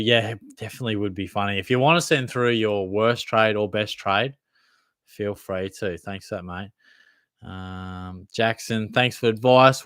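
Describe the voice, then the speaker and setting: A man's voice: fairly low pitch, fairly bright tone, no echo, clean studio sound. A young Australian man hosting a casual livestream Q&A, reading out chat questions in a laid-back, blokey way, calling everyone mate and swearing freely. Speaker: fantasy football livestream host.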